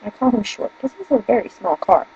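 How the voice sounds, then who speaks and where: A woman's voice: medium pitch, lively intonation, brisk, dark tone, slightly rough, no echo, dull audio. A young woman with a northern US accent, chatting casually in a rambling, giggly way. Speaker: vlogger. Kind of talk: casual chat. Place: room at home by a bookshelf.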